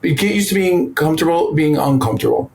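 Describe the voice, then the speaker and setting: A man's voice: fairly high pitch, expressive, fast talker, creaky, a little mellow, slight background noise, poor audio. A man who is a stand-up comedian, chatting casually as a podcast guest and telling loose, rambling stories with blunt profanity.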